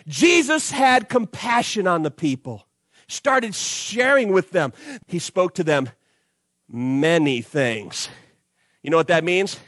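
A man preaching an animated youth sermon, acting out the disciples and crowd as he tells the story. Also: very high voice, no room sound. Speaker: youth pastor.

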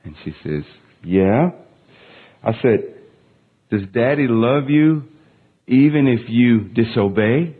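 A man's voice: medium pitch, lively intonation, slow pace, pauses often, husky. A man in his thirties preaching a sermon, telling a story about his young daughter and then building to emphatic, impassioned peaks. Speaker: pastor. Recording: tinny phone-like sound.

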